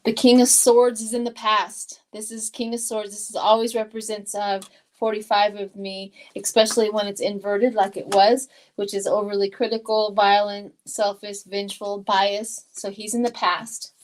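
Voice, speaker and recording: A woman's voice: medium pitch, little pitch movement, normal speed, a little hiss or hum, poor audio. An older woman from Colorado giving a live tarot reading in an emotional, chatty way, reading viewer comments aloud. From Colorado, USA. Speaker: tarot reader.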